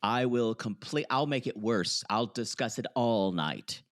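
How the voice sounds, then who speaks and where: Medium-pitched and measured, this man co-hosts a podcast and recaps a reality show conversationally, animatedly voicing what people said. The sound is dry and clean, straight from a studio.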